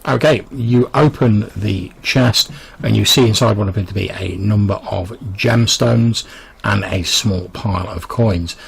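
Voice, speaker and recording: Male game master, low gravelly voice, rambling narration with lots of "like"s. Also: a little slow, poor audio. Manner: rambling, full of restarts and "like".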